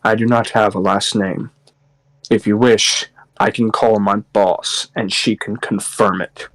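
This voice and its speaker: A man voicing a guarded, formal traveler in a tabletop game, speaking in a measured way. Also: fairly low pitch, little pitch movement, a bit bright, pitched below the performer's own voice, rough recording. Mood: stiff.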